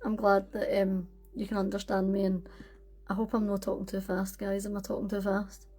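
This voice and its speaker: A woman's voice: medium pitch, monotone, normal speed, warm tone. A woman hosting a casual livestream chat from her phone, chatty and apologetic, laughing often. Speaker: livestream host. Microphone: phone on a holder.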